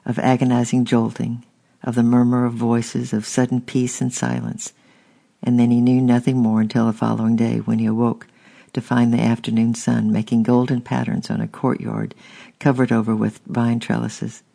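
A man's voice: medium pitch, gravelly, warm tone. A man narrating a storybook steadily and unhurriedly, with small restarts. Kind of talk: audiobook narration.

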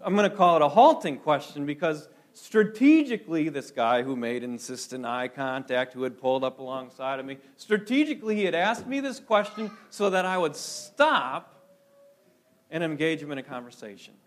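A man from Minnesota preaching a sermon as pastor, telling stories in an animated way with frequent restarts. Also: on the high side, normal speed. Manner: animated storytelling with repeated restarts.

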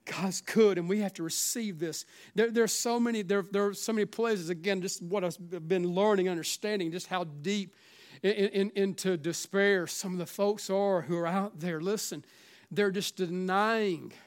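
A middle-aged pastor with a South Carolina Southern accent preaches with fervor. His voice sits a touch higher than most men's, and he swings from loud, urging peaks down to hushed, almost whispered lines. He keeps pressing listeners with "listen.". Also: moderate pace. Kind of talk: sermon.

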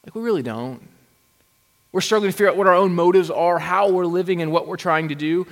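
A pastor preaching a sermon in a conversational way, with rhetorical questions and wry asides. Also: male voice, sits high, fairly quick, creaky. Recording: long hall reverb.

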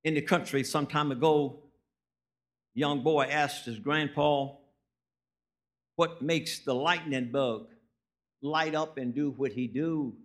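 A man's voice: a little high, steady tone, takes it slowly, long pauses. A man, preaching a sermon as a guest preacher, telling folksy stories and rising into emphatic preaching.

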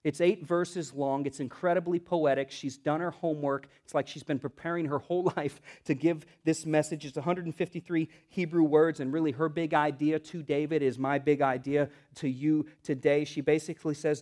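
A male pastor with a Southern US accent delivering a sermon. His voice sits high for a man, and he works the room by turns, surging to fervent loudness and then pulling back into hushed, close asides. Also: normal speed, few pauses. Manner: animated, swings from loud bursts to hushed asides.

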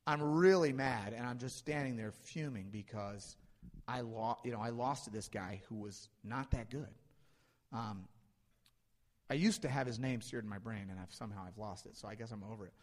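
A man's voice: medium pitch, moderate pace. A male pastor giving a sermon in a conversational way, building emphasis through repeated phrases. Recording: long hall reverb.

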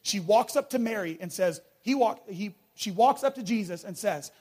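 Male preacher, high voice, passionate sermon delivery, loud peaks and hushed lows. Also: lively intonation, moderate pace, few pauses. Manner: passionate, swings from shouting to hushed.

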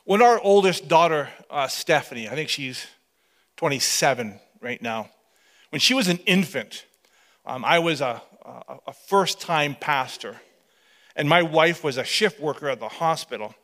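A pastor in his fifties telling a story from the pulpit, his voice pitched high and ringing bright. He acts the story out dramatically, often dropping to a near hush for effect. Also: measured pace. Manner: animated, dramatic storytelling that drops to hushed tones. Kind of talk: storytelling sermon.

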